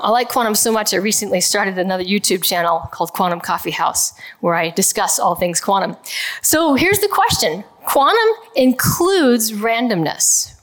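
A woman giving a conversational physics lecture to a live audience, checking in with listeners and laughing lightly now and then. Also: on the high side. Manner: conversational, explains with everyday examples, checks in with "okay". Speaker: physicist giving a public talk.

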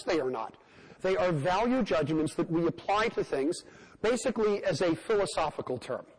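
A man with a fairly high voice delivers a public lecture as a scientist. He speaks in measured, emphatic phrases and poses rhetorical questions. His voice rings out with a long reverb, as in a large lecture hall.

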